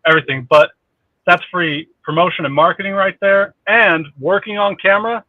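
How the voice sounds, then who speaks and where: A maintenance worker chatting casually, excitable and swearing freely. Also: male voice, high-pitched, moderate pace, no room sound, narrow, tinny audio. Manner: excitable, profane. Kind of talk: casual chat.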